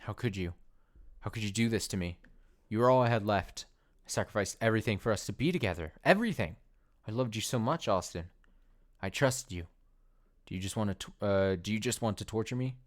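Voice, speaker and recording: A heartbroken young woman from a video game, read aloud by a man in his own voice. The lines come out low and lightly dramatic, with pitch swinging up and down. It sounds like a man reading game dialogue aloud, not a full performance. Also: expressive, a little fast, long pauses, close to an everyday voice. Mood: pleading.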